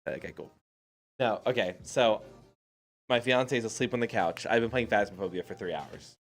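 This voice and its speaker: A man's voice: fairly low pitch, moderate pace. A man in casual chat, telling a long rambling story with frequent laughs and restarts.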